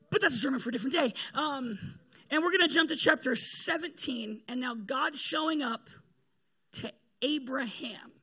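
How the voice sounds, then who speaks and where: High, bright-voiced, husky male preacher. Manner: joking, laid-back preaching with fillers and slang. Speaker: pastor. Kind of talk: casual sermon. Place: room with a gathered group.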